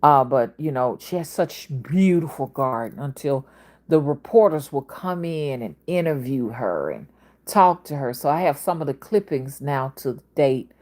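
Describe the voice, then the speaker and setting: A woman's voice: extremely low pitch, expressive, measured pace, darkish tone. A woman in her fifties with a Southern accent, talking in a casual, rambling monologue that jumps between topics. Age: 50s. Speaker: spiritual reader and channel host.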